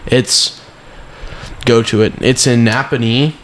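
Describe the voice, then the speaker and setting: A man's voice: medium pitch, slow, a little hiss or hum. A young man co-hosting a casual podcast, telling a story animatedly and dramatically. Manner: animated, laughing, dramatic retelling. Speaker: podcast co-host.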